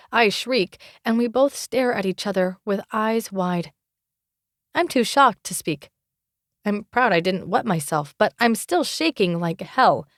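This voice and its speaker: A woman with a medium-pitched voice narrates a fantasy romance audiobook in first person, wry and expressive. She's close to the mic, with no echo.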